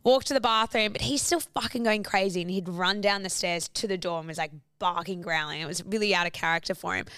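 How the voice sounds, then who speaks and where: A young woman co-hosting a casual podcast, rattling through a story with plenty of "like" and swearing. Her voice is smooth and clear, and it is recorded close and dry. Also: on the low side, fast talker, hardly any pauses, fairly bright tone, dry recording. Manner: chatty storyteller, swearing, lots of "like". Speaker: podcast co-host. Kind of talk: casual chat.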